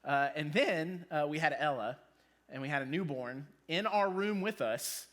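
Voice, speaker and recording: Man in his thirties, casual youth preacher, high voice, chatty and joking. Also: normal speed, a bit bright. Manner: casual, joking, with many ums. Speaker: youth pastor. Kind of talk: sermon to students.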